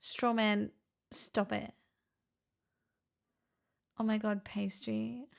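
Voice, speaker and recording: Woman streamer, unhurried, gravelly, reads chat and riffs on it. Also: medium pitch, level tone. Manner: reads chat messages aloud with playful quips. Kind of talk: casual live-stream chat.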